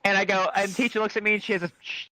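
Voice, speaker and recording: Guy rattling off a crude funny story really fast, kinda high voice. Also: no room sound, poor audio. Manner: animated, profane, jumps into high squeaky voices for quotes. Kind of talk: comic storytelling in a virtual chat room.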